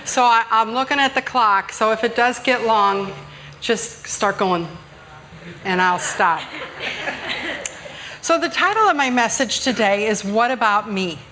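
A woman's voice: on the high side, expressive, measured pace, long pauses, background noise. Chatty, joking woman preacher. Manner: humorous, self-deprecating, chatty with the congregation. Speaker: guest speaker preaching at church. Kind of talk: conversational sermon. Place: church sanctuary.

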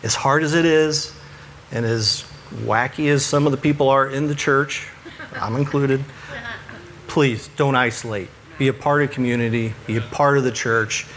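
A man's voice: mid-range voice, fairly even intonation, normal speed, a bit bright, slight background noise. A man who works with churches, giving earnest, conversational faith advice and chuckling at himself now and then. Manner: earnest, self-deprecating, chuckles at his own stories. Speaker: church ministry worker.

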